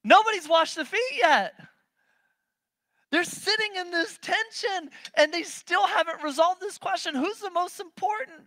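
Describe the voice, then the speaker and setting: Keeping a measured pace, a preacher delivers an animated, emphatic sermon with no echo. He fires off rhetorical questions, and his delivery swings between loud bursts and low, quiet moments.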